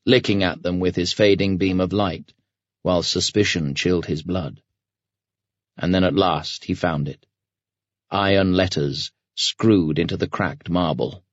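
A man reading an audiobook as narrator in a measured, even storytelling manner. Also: low voice, dry recording. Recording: dry, muffled studio read.

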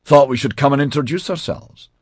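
A man doing a jovial, booming Scottish neighbor. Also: fairly quick, slightly rough, dry recording, studio quality, lightly acted. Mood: hearty. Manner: hearty, rambling, jovial. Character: boisterous bald Scottish man, friendly neighbor.

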